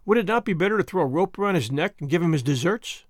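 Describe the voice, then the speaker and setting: A man's voice: high-pitched, expressive, dry recording, clean studio sound. A man voicing a suspicious, hotheaded soldier who angrily accuses a stranger. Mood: angry. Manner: accusing, quick to anger.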